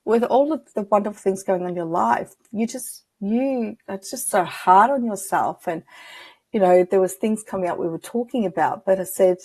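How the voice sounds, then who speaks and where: A woman's voice: mid-range voice, normal speed, mellow, slightly rough, no echo. A woman guest on an interview show, a spiritual medium telling personal stories in a chatty, reflective way and acting out the dialogue she remembers. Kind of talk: casual interview storytelling.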